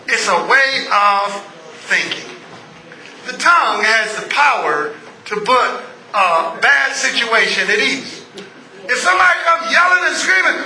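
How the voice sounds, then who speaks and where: A man with a strikingly high voice preaches a sermon, shouting to drive points home and drawing key phrases out slowly. He is recorded in a reverberant church, with the congregation clearly heard around him. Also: lively intonation, crowd noise. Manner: preaching with loud shouted emphasis and slow drawn-out phrases. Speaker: pastor.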